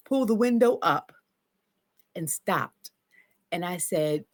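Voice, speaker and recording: A woman therapist telling a personal story in a casual, animated way, acting out her own shouts and self-talk. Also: mid-range voice, measured pace, pauses often.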